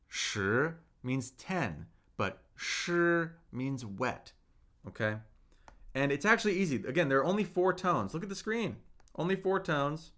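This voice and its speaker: A man teaching a livestreamed Mandarin lesson, slowly modeling words for viewers to repeat and chatting with the chat between them. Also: a little high, a bit bright. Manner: slow, drawn-out modeling of words for repetition; chatty, reads viewer comments aloud.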